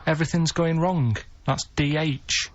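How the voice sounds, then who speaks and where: An English man presenting on comedy radio, reading out a quiz in a dry, deadpan way. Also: a little high, measured pace. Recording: dull, slightly noisy archived radio clip.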